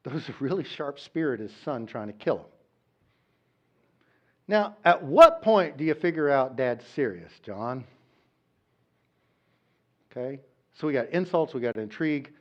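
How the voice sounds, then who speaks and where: Animated, conversational male pastor. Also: mid-range voice, a little slow, pauses often. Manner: conversational, animated, with frequent "okay?" asides. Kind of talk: sermon. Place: church. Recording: dull lo-fi recording.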